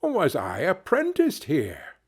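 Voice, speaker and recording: A man's voice: fairly high pitch, huge pitch swings, slow pace, husky, exaggerated voice. A man voicing an elderly male miser, speaking earnestly in a storybook reading. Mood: excited. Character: old male miser, moved and nostalgic.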